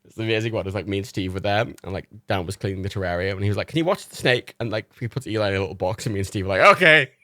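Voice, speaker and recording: A young man hosting a livestream, telling rambling anecdotes in casual chat, animated and full of swearing. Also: low-pitched, very fast, hardly any pauses, no echo, clean studio sound. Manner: animated storytelling with swearing and quoted voices. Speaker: livestream host.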